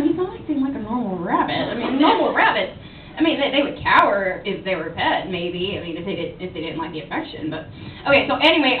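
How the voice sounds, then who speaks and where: A woman improvising a story at a fan panel, rambling with laughing asides. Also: sits high. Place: convention panel room. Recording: distant, echoey, phone-like, crowd noise.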